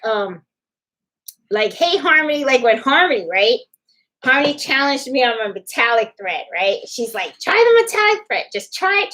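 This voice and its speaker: A woman's voice: a little high, fairly bright tone. A middle-aged woman from New York City with a New York accent, hosting a casual crafting livestream from home and chatting straight to her viewers in a meandering way. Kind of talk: casual live-stream chat with viewers.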